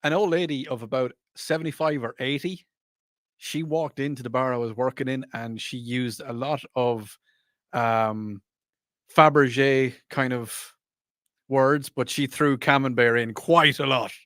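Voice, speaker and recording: A man's voice: mid-range voice, fairly even intonation, a little slow, a bit bright, no room sound, studio quality. A man co-hosting a radio talk show, telling self-mocking stories in casual banter. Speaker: radio co-host.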